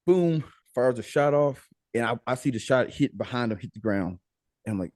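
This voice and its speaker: An American man as a podcast guest, telling a story in a casual, animated way, laughing and acting out the dialogue. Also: medium pitch, normal speed, dry recording.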